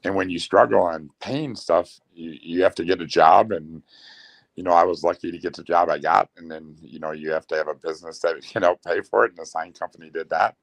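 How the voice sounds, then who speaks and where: Middle-aged man, deep and gravelly, chatty storyteller who laughs through his tales. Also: fairly even intonation, brisk, no room sound, low-quality recording. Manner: laughs while telling stories, many restarts. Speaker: guest, former speedway owner. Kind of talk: casual storytelling.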